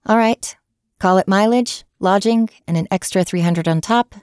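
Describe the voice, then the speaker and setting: A woman's voice: medium pitch, normal speed, darkish tone, dry recording, studio quality, close to an everyday voice. A woman voicing a blunt, ageless old blacksmith. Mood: plainspoken. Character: gruff old female blacksmith, centuries old.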